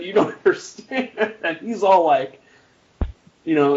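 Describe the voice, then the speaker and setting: A man's voice: a little high, lively intonation, takes it slowly, long pauses, a little mellow. A man telling stories on a casual podcast, laughing at himself often. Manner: laughing, self-mocking storyteller. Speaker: podcast guest player. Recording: muffled lo-fi podcast audio.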